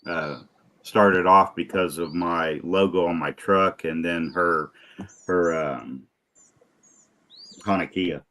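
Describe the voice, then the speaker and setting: A man's voice: deep voice, takes it slowly, long pauses, sharp tone. A man in a casual online study group, telling an everyday anecdote and acting out the conversation. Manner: anecdotal, acts out dialogue. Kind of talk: casual storytelling.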